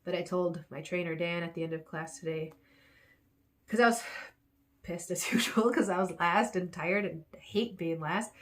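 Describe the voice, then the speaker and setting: Lower-voiced woman rambling a self-pep-talk. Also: normal speed. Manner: repetitive, self-encouraging, rambling. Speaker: vlogger.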